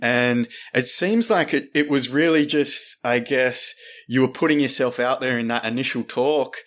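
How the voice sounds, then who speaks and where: A man's voice: medium pitch, normal speed, a bit bright. Casual man hosting a podcast. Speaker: podcast host. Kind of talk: casual interview chat.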